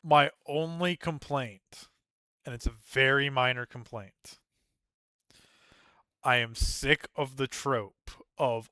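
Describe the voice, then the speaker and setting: A man in casual podcast chat with a bright, crisp and smooth voice. He keeps the talk moving from topic to topic, often stopping to apologize. The sound is dry and close. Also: mid-range voice, fairly even intonation, no echo. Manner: steers the talk, quick to apologize. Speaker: podcast co-host leading segments.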